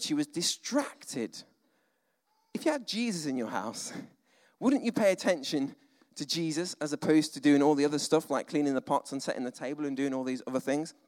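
A male preacher giving a conversational, animated sermon, full of asides and dramatic sighs. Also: on the high side. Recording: long hall reverb.

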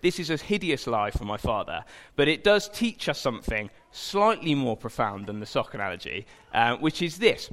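A man's voice: mid-range voice, big pitch swings, moderate pace, hardly any pauses, fairly bright tone. A young man giving an informal sermon, chatty and self-deprecating, with jokey asides. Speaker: preacher. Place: church hall. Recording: long hall reverb.

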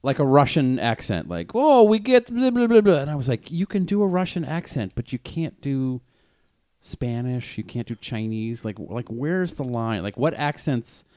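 A man's voice: medium pitch, expressive, normal speed, a little mellow, dry recording. A man co-hosting a podcast, rambling and interrupting himself, laughing often in loose casual chat. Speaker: podcast co-host.

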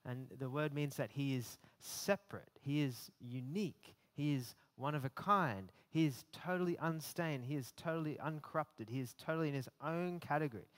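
A man's voice: a little high, normal speed, few pauses. A man giving a conversational sermon, often repeating words as he builds emphasis. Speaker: preacher.

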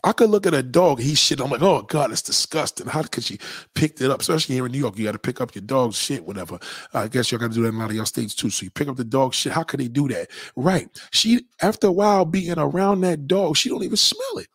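A man's voice: mid-range voice, expressive, fast, few pauses, fairly bright tone, breathy edge, no echo, studio quality. A man hosting a livestream, giving a crude, profane rant in a blunt, lecturing way and reading out messages from his chat. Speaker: livestream host.

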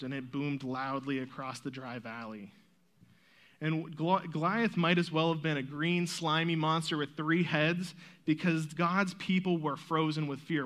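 A man with a high, bright voice leads a Bible story skit for children on a church stage. He coaxes the kids along warmly and tells the story with lively energy. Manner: lively storyteller, coaxing and encouraging.

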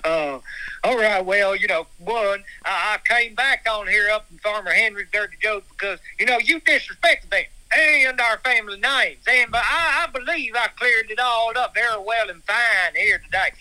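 A man's voice: sits high, normal speed, bright, forceful tone, no room sound. A man voicing a dim, giggly redneck male mechanic who calls in by phone, stumbling over his words. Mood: earnest. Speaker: phone-in guest. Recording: tinny phone line.

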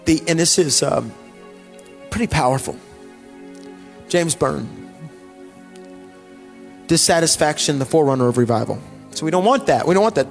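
A male pastor, preaching a sermon in a casual storytelling way that drops to hushed, sighing asides. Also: on the high side, animated, moderate pace, gravelly, long pauses, soft background music.

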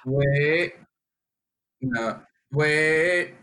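A man playing in a tabletop game, talking in an unhurried, hesitant way. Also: fairly high pitch, a bit bright.

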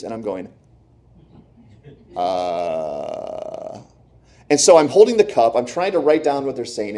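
A man preaching a sermon, telling a lively personal story and acting out the voices of others. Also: medium pitch, slow pace, long pauses. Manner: animated storytelling, acts out quoted voices. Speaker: pastor.

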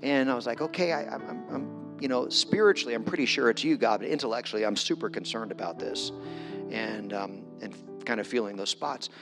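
A man's voice: mid-range voice, a little fast, creaky. A middle-aged man giving a conversational storytelling sermon as a guest preacher, self-deprecating and acting out his own quotes. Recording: long hall reverb with music.

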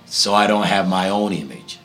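A man's voice: low-pitched, normal speed, a bit bright, faint music behind. A man from Africa, a pastor answering interview questions in a preaching tone, emphatic and fond of repeating key phrases. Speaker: guest pastor.

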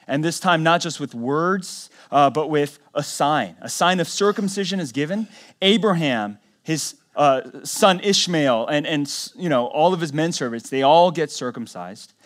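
A man preaching a sermon as pastor, telling the story in a conversational way and swinging between loud emphatic lines and quiet low ones. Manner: conversational storytelling with acted quotes.

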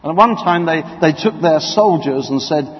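A man preaching a sermon, telling stories with lively acted-out quotes. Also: fairly high pitch, moderate pace. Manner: animated storytelling, acting out voices and quotes. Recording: dull sound, long hall reverb.

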